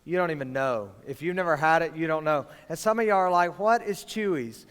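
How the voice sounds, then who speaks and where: High-voiced preacher in a hall. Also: male voice, fast, smooth. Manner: animated preaching, swinging from hushed to loud and emphatic. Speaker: youth pastor. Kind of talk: sermon to students. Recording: long reverb of a large hall.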